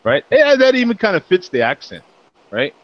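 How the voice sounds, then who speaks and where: A man's voice: sits high, huge pitch swings, normal speed, lo-fi sound. A man hosting a casual beer chat show, laughing often and joking as he reads out tasting notes. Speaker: podcast host.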